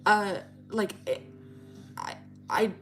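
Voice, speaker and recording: A woman's voice: medium pitch, wildly swooping pitch, takes it slowly, gravelly, faint music behind, heavily acted. A woman doing a frightened, stammering young woman. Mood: pleading. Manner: flustered, stammering pleading.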